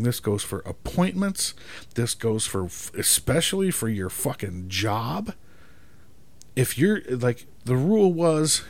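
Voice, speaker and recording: A man ranting in a profane monologue, exasperated and emphatic, swearing constantly and often asking "right?" for agreement. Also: mid-range voice.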